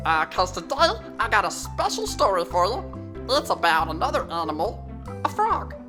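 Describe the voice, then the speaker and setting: A woman's voice: medium pitch, big pitch swings, moderate pace, music in the background, natural voice. A woman voicing a goofy talking sheep who hosts a children's story show, reading a fairy tale with playful, sassy asides to the listener. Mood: chatty. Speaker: storyteller host.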